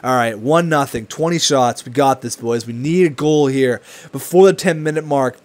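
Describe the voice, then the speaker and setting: A young man giving casual, excitable commentary over a video game, swinging between hype and frustrated swearing. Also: mid-range voice, normal speed, hardly any pauses. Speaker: gaming commentator.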